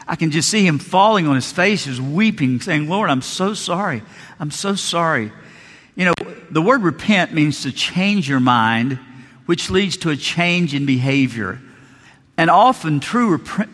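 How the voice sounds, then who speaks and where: A man's voice: fairly high pitch, fairly bright tone, long reverb tail. A male pastor preaching a sermon in a church, telling Bible stories earnestly and acting out the quotes. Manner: earnest storytelling, acts out biblical quotes.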